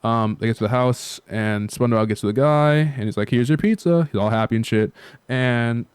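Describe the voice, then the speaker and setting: A man's voice: fairly low pitch, fairly even intonation, moderate pace, clear, resonant tone, dry recording. A man hosting his channel, talking in a loose, rambling way full of fillers and casual swearing. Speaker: channel host.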